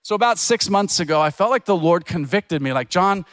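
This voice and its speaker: A man's voice: sits high, animated, fairly quick, dry recording. A middle-aged man preaching a sermon as a pastor, telling stories in a conversational way and acting out the voices of people he quotes. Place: church.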